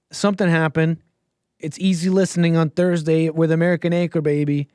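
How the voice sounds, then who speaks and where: A man hosts a loose commentary livestream, riffing sarcastically and breaking into laughter. His voice sits a little on the high side. The recording is close and dry with no room sound. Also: little pitch movement, fairly quick, a little mellow, clear, resonant tone, no echo. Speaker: livestream host. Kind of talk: casual commentary stream.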